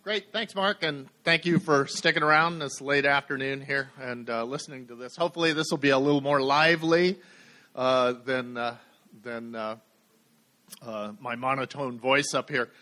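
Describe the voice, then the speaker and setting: A middle-aged man giving a technical conference talk, halting with many fillers and some dry humor. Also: mid-range voice, bright, forceful tone. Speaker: conference speaker. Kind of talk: technical presentation.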